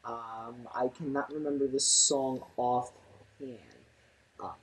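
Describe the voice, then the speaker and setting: Husky man, hesitant podcast chat. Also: mid-range voice, steady tone, slow pace. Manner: hesitant, searching for words. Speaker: podcast co-host. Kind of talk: casual chat.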